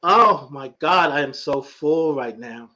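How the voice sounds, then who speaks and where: A man's voice: fairly high pitch, lively intonation, measured pace, pushed and bright. A middle-aged man hosting a spiritual talk show, preaching with emphatic repetition and plenty of emotion. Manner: preacher-like, emphatic, repeats phrases for effect; laughs often, emotional and full of feeling. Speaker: podcast host and life coach. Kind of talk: live-streamed spiritual talk reading viewer comments.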